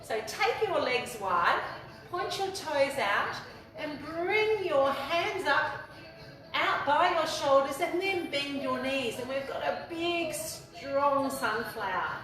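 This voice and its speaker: An Australian woman leads a guided kids' yoga class, playful and encouraging, joining in with animal noises. Her voice is high-pitched and expressive, and she goes at a slow pace. The room echoes, the mic is distant, and music plays behind her.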